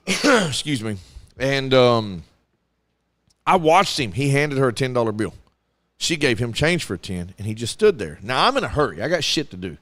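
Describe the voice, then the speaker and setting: Animated storytelling man. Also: mid-range voice, moderate pace, dry recording. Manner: animated storyteller acting out quotes, profane. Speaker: radio show co-host. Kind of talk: casual chat, storytelling.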